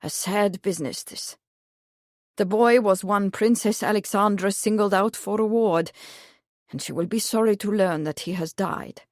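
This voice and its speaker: A woman's voice: medium pitch, normal speed, no room sound, natural voice. A portly royal prince with a guttural German accent, jovial and grand, as a woman puts him on. The recording is dry and close.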